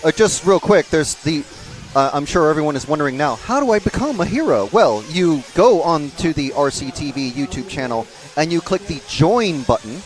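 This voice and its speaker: A man co-hosting a live race stream, calmly explaining how viewers can join and what they get. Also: a little high, moderate pace, poor audio. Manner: steady, explanatory, plugs the channel membership. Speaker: co-commentator.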